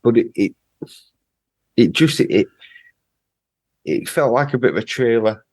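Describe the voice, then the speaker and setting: A man with a Yorkshire accent talks in a halting, easygoing way on a podcast. His voice is mid-pitched and recorded dry, with no room sound. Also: animated, a little mellow, dry recording. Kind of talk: casual podcast chat.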